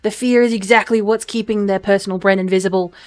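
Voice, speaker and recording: A woman's voice: medium pitch, steady tone, fast, soft background music, natural voice. A woman voicing a wise mobster mentor with a put-on accent who calls the listener kid. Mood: knowing.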